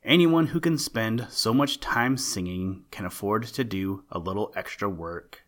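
A greedy male skunk from a storybook who brushes off every objection with a scoff, as a man reads him. The voice sits low and casual, like someone who cares only about his breakfast. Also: unhurried, a bit bright. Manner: scoffing, offhand.

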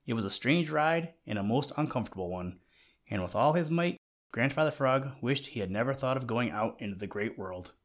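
A man reading a children's storybook aloud in a gentle way, talking to the listener now and then. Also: mid-range voice, lively intonation, a little fast. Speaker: narrator.

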